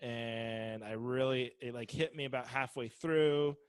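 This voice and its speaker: A man's voice: mid-range voice, unhurried, clear, resonant tone, no echo. Man telling a rambling comic story. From Seattle area. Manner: rambling, self-deprecating anecdote telling. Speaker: comedian and podcast co-host. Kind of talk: casual storytelling chat.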